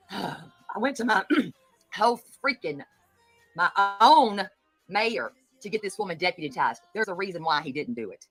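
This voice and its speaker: Husky-voiced woman hosting a livestream. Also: medium pitch, animated, a little slow, a bit bright, soft background music, poor audio. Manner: greets chat viewers by name, blunt and indignant. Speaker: host of a livestream commentary show. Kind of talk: casual livestream commentary.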